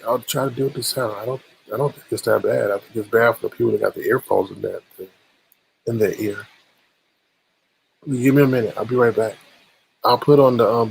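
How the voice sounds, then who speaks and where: A man's voice: on the low side, steady tone, fairly quick, gravelly, slight background noise, low-quality recording. A man hosting a casual livestream, greeting viewers by name, his voice run through a voice modulator. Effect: voice modulator with a swooshing sound. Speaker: livestream host.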